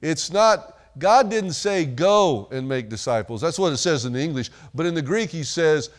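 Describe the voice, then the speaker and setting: A man's voice: on the high side, normal speed. A man preaching a sermon in a conversational, folksy way, with asides and calls for amens to the congregation. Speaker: pastor.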